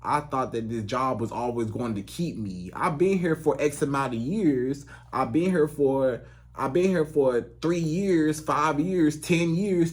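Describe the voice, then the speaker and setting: An animated man with a slightly high voice speaks as he coaches women on dating. He talks in a loose, repetitive way, filling pauses with "you know". He often jumps into squeaky, disbelieving outbursts when acting out what a man feels. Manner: animated, acts out quoted reactions with sudden high-pitched outbursts. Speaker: relationship coach. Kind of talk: advice monologue to camera.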